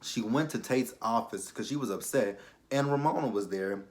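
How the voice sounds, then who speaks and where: A man's voice: medium pitch, normal speed. A young adult man casually recapping a TV episode for his vlog, chatty and full of fillers, breaking into exaggerated reactions. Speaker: TV episode reviewer.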